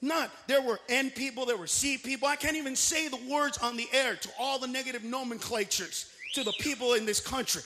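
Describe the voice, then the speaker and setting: A male stand-up comedian who talks loud and brash and shouts his punchlines. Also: extremely high pitch, brisk, few pauses, in a large hall.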